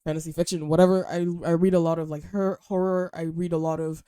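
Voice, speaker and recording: Young woman for a casual book-review vlog, mellow tone, slightly low pitch, dry close sound, gushes and rambles. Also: fast talker, clear, resonant tone, dry recording. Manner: gushing, chatty, animated. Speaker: book vlogger and podcast host.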